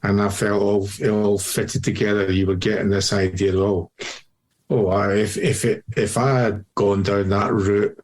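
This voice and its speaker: A man with a lowish voice hosts a relaxed podcast chat. He thinks out loud in loose, reflective sentences. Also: moderate pace. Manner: reflective, musing aloud. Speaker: podcast host. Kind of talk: casual chat.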